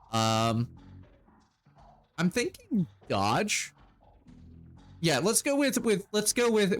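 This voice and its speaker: A man streaming a video game, reading its text aloud and chatting casually between choices. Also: medium pitch. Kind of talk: let's-play narration and chat.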